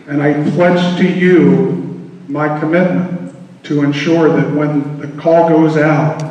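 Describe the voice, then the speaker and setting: A man, a Coast Guard officer, giving an earnest, measured speech to a public meeting. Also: fairly high pitch, a little mellow. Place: large hall at a public meeting. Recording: echoey hall from far off.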